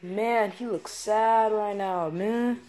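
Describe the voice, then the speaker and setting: Slow-talking, excitable woman reacting to a game. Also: medium pitch. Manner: excitable, repeats exclamations, slangy. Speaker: sports fan reacting live. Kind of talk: casual live reaction commentary.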